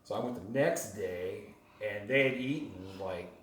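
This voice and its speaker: A man telling a rambling, animated story to a small group in casual chat, laughing often. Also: fairly low pitch, normal speed, slight background noise. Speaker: retreat guest telling his story. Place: home on a mountain top. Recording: roomy sound from far off.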